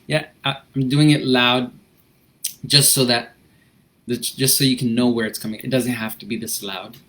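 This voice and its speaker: Gentle man teaching a breathing lesson. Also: mid-range voice, level tone, moderate pace. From United States. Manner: gentle, reflective, laughs often, many "right?" check-ins. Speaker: breathing and meditation instructor.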